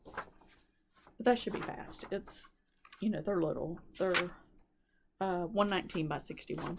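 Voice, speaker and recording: Gushing, chatty woman, low voice. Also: creaky, noisy background. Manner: chatty and gushing, repeats words for emphasis. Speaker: cross-stitch vlogger. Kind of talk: casual chat to camera.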